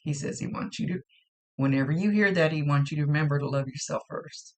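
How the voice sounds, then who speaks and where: A woman psychic medium gives a viewer a gentle, reassuring spoken reading, often repeating herself. She speaks a little fast in a low voice.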